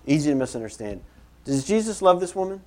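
A man preaching a sermon in church, conversational and animated, repeating phrases for emphasis as he moves about. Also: a little high, fast talker. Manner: moves around while preaching. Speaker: pastor.

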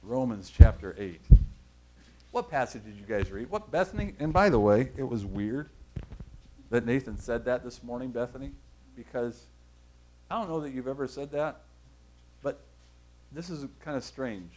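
A man's voice: mid-range voice, animated, normal speed, long pauses, dark tone, a little hiss or hum, poor audio. A man preaching a sermon in a conversational, rambling way, often correcting himself mid-sentence. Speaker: pastor.

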